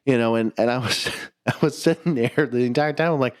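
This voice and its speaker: A brisk, mid-range male voice belongs to a young podcast co-host sharing a story in easygoing chat. He curses without restraint and often laughs partway through a line before beginning it again.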